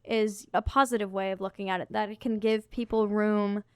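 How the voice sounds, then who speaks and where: A woman's voice: medium pitch, steady tone, a little fast, darkish tone, clear, resonant tone, no echo, clean studio sound. A young woman co-hosting a podcast, chatting casually and filling her talk with "like". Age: young adult. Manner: chatty, full of "like", mimics voices in anecdotes. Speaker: podcast co-host. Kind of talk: casual chat.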